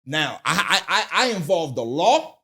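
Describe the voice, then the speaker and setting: A middle-aged man in a casual interview, telling a story in animated, profane street talk and acting out the voices. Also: fairly high pitch, unhurried, slightly rough. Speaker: guest.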